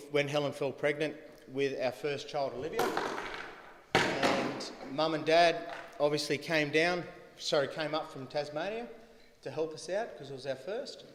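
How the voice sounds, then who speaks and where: A middle-aged man with an anecdotal, storytelling manner, giving a eulogy for his mother at a funeral. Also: on the high side. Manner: storytelling, chuckling at his own stories. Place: funeral venue hall. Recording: echoey livestreamed hall.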